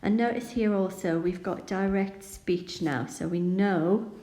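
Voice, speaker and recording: A woman teacher talks through a poem in a slow, unhurried way, calm and explanatory. Her voice is low and mellow. The room around her sounds echoey. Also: a little hiss or hum. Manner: calm, explanatory, reads verse aloud. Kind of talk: poetry annotation lesson.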